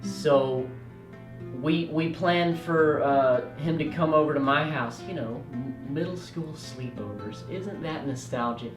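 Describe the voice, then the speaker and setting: Animated young man telling a story. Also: fairly high pitch, recorded from a distance. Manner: animated, yelling out quoted lines and rushing through bursts. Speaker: storytelling host. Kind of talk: comedic story time. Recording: roomy echo, off-mic, faint music.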